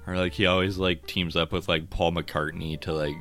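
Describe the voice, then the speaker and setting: A man's voice: sits low, normal speed, over music. A man co-hosting a podcast, talking in a loose, swearing, filler-heavy way. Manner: animated, swears often, lots of filler "like". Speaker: podcast co-host. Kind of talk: casual chat.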